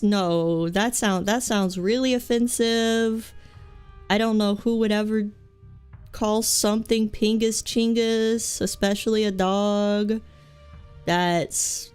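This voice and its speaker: A woman's voice: mid-range voice, darkish tone, clean tone. A young woman streaming a game, chatting in a rambling, goofy, self-mocking way with many restarts. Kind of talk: live game stream chat.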